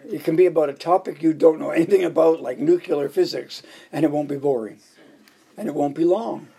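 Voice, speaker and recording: A man preaching in a church, voice pitched a little high with a gravelly, husky edge. He delivers a sermon laced with joke stories and ticks through numbered points one by one. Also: fairly quick, warm tone. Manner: jokey storytelling, counting off points. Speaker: pastor.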